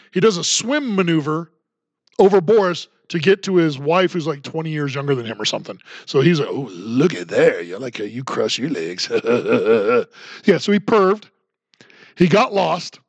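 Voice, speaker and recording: A man's voice: high voice, fairly bright tone, no echo. A middle-aged man hosting a political commentary podcast, talking in a sarcastic, mocking way. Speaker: podcast host.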